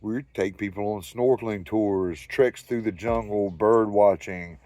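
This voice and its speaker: Southern US man, loose and salty yarn-spinner, low dry voice, no-frills host. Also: unhurried, a little mellow, dry recording. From Southern United States. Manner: loose, profane, rambling anecdotal delivery. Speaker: storyteller host. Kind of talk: casual spoken storytelling.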